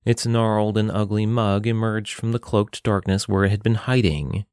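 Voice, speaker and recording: A man reading a fantasy story aloud in a steady, measured way. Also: lowish voice, clean tone, dry recording, studio quality. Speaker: narrator. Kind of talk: fantasy audiobook narration.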